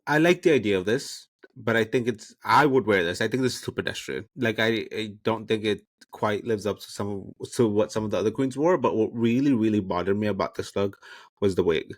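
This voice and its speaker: A man's voice: on the low side, fairly quick, no room sound. A man co-hosting a podcast in casual chat, giving blunt, frank opinions and swearing freely. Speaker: podcast co-host.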